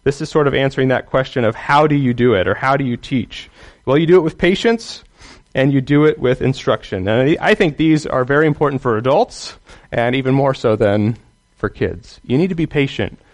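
A man's voice: mid-range voice, lively intonation, brisk. A man teaching others how to preach and teach the Bible, earnest and emphatic, often checking in with the listener.

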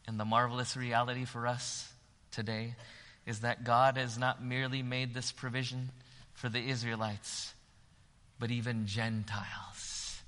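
A man preaching a sermon in a church, swinging from hushed lines to loud, emphatic repetition. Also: medium pitch, big-room sound. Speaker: pastor. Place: church sanctuary.

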